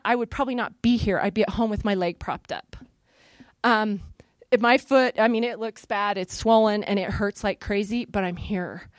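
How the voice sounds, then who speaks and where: A woman, middle-aged, sharing a personal testimony with an audience in a lively, self-mocking way, jumping into the voices of the people in her story. Her voice sits fairly high and is recorded dry and close, with no room echo. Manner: lively, self-deprecating storytelling with animated quoted asides. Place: in front of a live audience.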